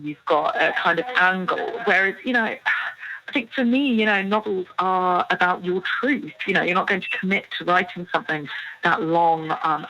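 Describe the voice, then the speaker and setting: British woman in her thirties, author guest, bright tone, lively and quick to laugh. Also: fairly low pitch, a little hiss or hum, rough recording. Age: 30s. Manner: animated, laughs often, many "you know" fillers. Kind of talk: casual interview chat.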